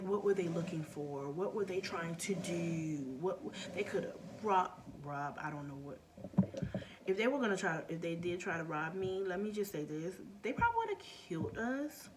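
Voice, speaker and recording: A woman's voice: fairly low pitch, slight background noise. A middle-aged woman vlogger telling a story in a casual, earnest way, often dropping to a near-whisper.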